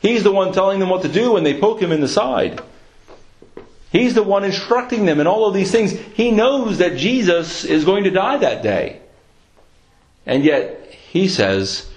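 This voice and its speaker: A man preaching a sermon, earnest and emphatic, slowing down to stress key lines and reading scripture aloud. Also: high-pitched, big pitch swings, low-quality recording. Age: adult with a young son.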